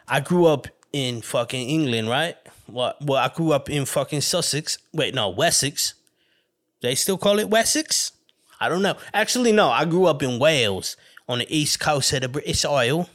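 A man's voice: medium pitch, a bit bright. Profane, rambling male podcast host. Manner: profane, rambling, laughs often. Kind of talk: casual solo podcast monologue.

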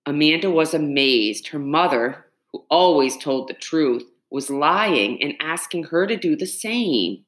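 Expressive woman narrator for a chapter book, low and lively. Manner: expressive, measured storytelling. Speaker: audiobook narrator. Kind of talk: scripted storybook narration.

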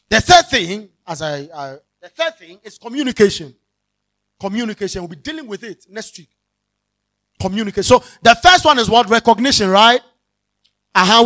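A man preaching a sermon, repeating key words and calling out to the congregation. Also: sits high. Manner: repetitive, call-and-response preaching, bursts into shouting.

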